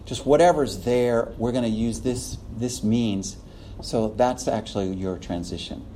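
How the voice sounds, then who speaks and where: A man's voice: mid-range voice, measured pace, mellow, a little hiss or hum. A man teaching a preaching class in a classroom, chuckling often and acting out little quotes as he lectures. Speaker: preaching instructor.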